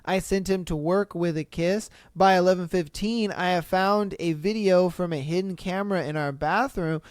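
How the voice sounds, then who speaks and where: Smooth-voiced guy reading stories on his podcast, swearing and reacting, dry close mic. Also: high-pitched, moderate pace, no room sound. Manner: animated, swearing, incredulous commentary. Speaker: podcast host. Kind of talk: casual solo podcast reading listener stories.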